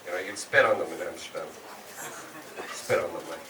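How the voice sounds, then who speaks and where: On a comedy club stage, a young Galway comic with a West of Ireland accent swears freely, chats, and ribs the audience. His deep voice runs a little fast, and the distant mic picks up the club's echo and the crowd.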